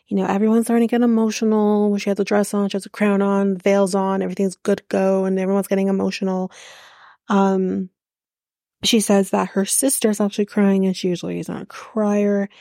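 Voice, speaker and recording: A woman's voice: mid-range voice, little pitch movement, moderate pace, gravelly, mellow, no echo, studio quality. Chatty, sarcastic woman podcast host. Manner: rambling, sarcastic, and swears freely. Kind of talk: casual chatty reality TV recap.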